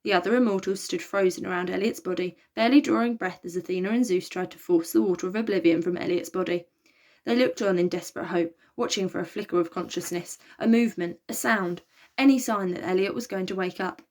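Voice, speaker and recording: A woman reads a children's novel aloud, lively and expressive in her narration. Her voice sits at a middle pitch. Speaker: storybook reader.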